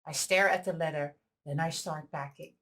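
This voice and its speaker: A woman reading a visual novel aloud, with giggly, excitable asides between the lines. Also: low voice, normal speed. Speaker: visual novel let's player. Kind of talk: reading a game aloud with reactions.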